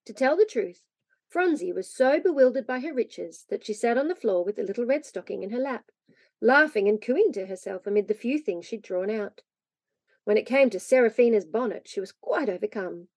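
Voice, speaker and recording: A woman reading a storybook aloud with lively, expressive narration. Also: a little high, moderate pace, no room sound. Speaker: reader.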